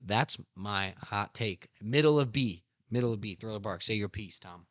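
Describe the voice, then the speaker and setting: A young man hosting a casual podcast, excitedly retelling anime scenes with slang and acting out character lines. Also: lowish voice, normal speed, no echo. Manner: animated storytelling with slang, acts out character lines. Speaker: podcast host.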